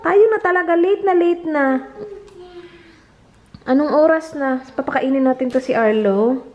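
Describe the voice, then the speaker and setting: A woman's voice: high voice, moderate pace, muffled recording. A woman in her thirties with a Filipino accent, vlogging casually with her small children at home and in the car, slipping into sing-song baby talk. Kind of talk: casual family vlog, mixing Tagalog and English.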